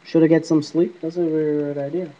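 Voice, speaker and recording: A man's voice: on the high side, little pitch movement, fairly quick. Rambling man on a dull lo-fi recording. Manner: rambling, talks back to unseen spirits. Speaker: paranormal app vlogger. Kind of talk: casual rambling monologue to camera. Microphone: iPod camera mic.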